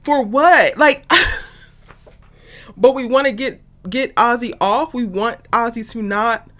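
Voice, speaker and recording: A woman reviewing a TV episode in a casual, animated and exasperated way, talking straight to her viewers. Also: on the high side, slow. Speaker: TV review vlogger.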